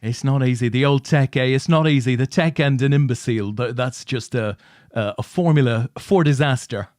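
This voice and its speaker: Jokey co-host with a West Midlands accent. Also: male voice, medium pitch, normal speed, a little mellow, no room sound, studio quality. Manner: jokey, self-deprecating banter. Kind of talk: casual chat.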